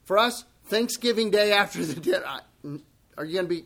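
Expressive male preacher, fairly high voice. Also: a little fast, breathy edge. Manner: expressive preaching, dropping to a near whisper and rising to emphatic outbursts; acts out quoted speech in conversational asides. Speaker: pastor. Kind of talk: sermon.

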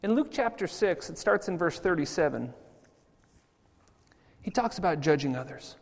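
High-voiced man preaching in a reverberant church. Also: normal speed. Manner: lively, laughs at his own jokes. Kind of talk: sermon. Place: church sanctuary. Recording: long church hall reverb.

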